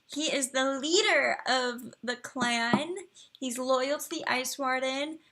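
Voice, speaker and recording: A woman's voice: high-pitched, slow pace, sharp tone, a little hiss or hum. A young woman hosting a casual live stream, chatting with viewers and reading out game profiles. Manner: chatty, reads viewer chat and profiles aloud, talks to her computer. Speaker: livestream host reviewing game profiles.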